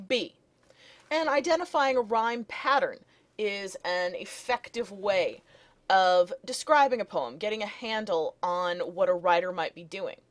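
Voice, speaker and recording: A woman's voice: lowish voice, measured pace. A woman teacher narrating lecture slides, explaining steadily and reading poem lines aloud.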